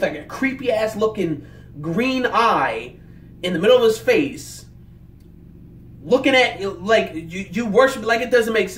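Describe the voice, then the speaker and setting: A man's voice: high-pitched, fairly bright tone, far from the mic. Emotional, rambling young man reviewing anime. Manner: emotional, rambling, many restarts and "like"s. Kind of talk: casual reaction commentary. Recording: roomy echo, off-mic, faint noise.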